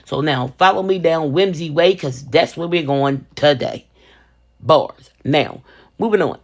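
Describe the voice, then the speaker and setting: Gravelly older woman, sassy storytelling. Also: sits low, unhurried. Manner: sassy, playful, calls viewers baby and sugar, refers to herself as Mama. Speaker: resin crafting video host. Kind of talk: casual storytelling vlog.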